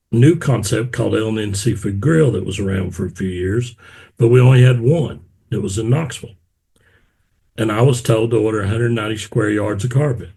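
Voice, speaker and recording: A man hosting a casual interview, with a husky, slightly rough voice. He tells stories with energy and acts out the other people in them. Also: lowish voice. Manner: animated storyteller, acts out quotes. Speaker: podcast host.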